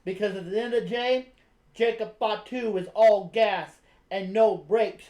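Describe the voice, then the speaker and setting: A streamer voicing a fierce, defiant male wrestler in a quick impression during a recap. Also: medium pitch, fairly even intonation, warm tone, lightly acted. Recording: roomy echo.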